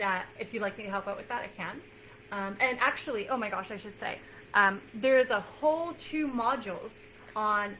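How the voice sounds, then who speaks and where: A woman's voice: mid-range voice, sharp tone, a little hiss or hum, poor audio. A woman nutrition coach talking casually to her viewers in an earnest, encouraging way, repeating phrases for emphasis and using plenty of fillers. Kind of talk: casual talk to camera.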